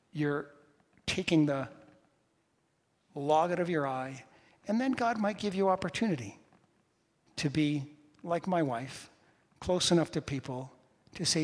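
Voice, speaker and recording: Higher-voiced preacher in a reverberant hall. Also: male voice, a little slow, pauses often. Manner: building to loud emphatic bursts; conversational with the congregation. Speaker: pastor. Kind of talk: sermon.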